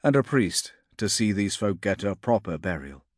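A man reading a storybook voices a weary, steady male veteran in a low, matter-of-fact tone. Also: moderate pace, dry recording, studio quality. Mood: grim calm. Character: weary male veteran troubleshooter, calm, dry.

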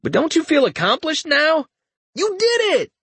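A man's voice: fairly high pitch, big pitch swings, unhurried, a bit bright, breathy edge, no echo, voice pushed up, heavily acted. A man voicing a scheming young male lord who talks with oily, mock-sympathetic condescension. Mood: gloating.

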